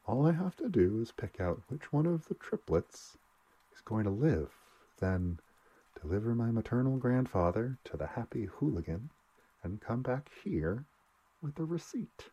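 A man's voice: medium pitch, sing-song, unhurried, mellow, slightly rough, voice pushed up, exaggerated voice. A man reading aloud and voicing a weary young father who speaks with hollow, strained sarcasm. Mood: bitter.

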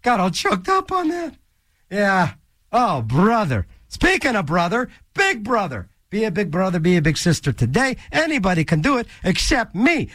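Radio DJ, man, high lively voice, jokey and rambling, dry close studio mic. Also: moderate pace, dry recording. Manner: goofy, rambling, jokey asides. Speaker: college radio DJ. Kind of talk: casual radio DJ patter.

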